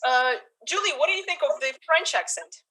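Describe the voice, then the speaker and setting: A woman's voice: high voice, lively intonation, brisk, pushed and bright, rough recording. A woman hosting a live online improv show over a video call, talking to the audience in a chatty, upbeat way.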